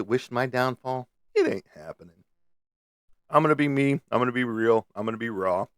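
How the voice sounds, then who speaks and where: A middle-aged man chats casually on a live stream from a room in his home, rambling from topic to topic in a blunt, profane way. His voice is mid-range, picked up by a webcam mic, with no room sound.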